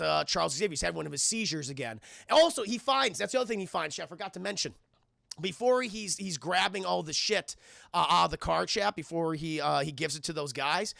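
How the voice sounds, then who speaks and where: Gravelly, excitable man talking to chat. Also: a little high, no room sound, studio quality. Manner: excitable, profane, keeps addressing chat. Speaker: film reviewer streaming live. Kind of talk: casual live-stream film recap.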